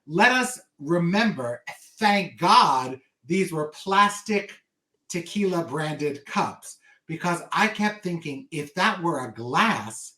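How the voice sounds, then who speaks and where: A man's voice: fairly high pitch, animated, pushed and bright. A man talking as a podcast guest in casual chat, jumping in with emphatic points. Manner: emphatic, quick to interject.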